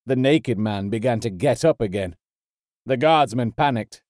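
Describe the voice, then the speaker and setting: A man reads the narration of an audiobook in a steady, measured way. His voice sits at a middle pitch. The sound is dry and close. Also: no room sound.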